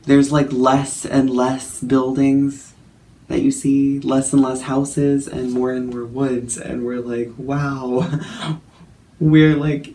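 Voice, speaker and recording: A man's voice: mid-range voice, level tone, slow pace, warm tone. A young man telling a story in a casual vlog, chatty and self-mocking, full of fillers and laughs. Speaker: vlogger.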